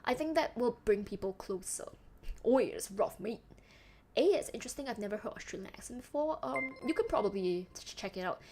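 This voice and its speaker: A woman's voice: fairly high pitch, animated, fast, hardly any pauses, a little mellow, a little hiss or hum. A woman streamer chatting casually with her viewers, laughing often and trailing off with fillers.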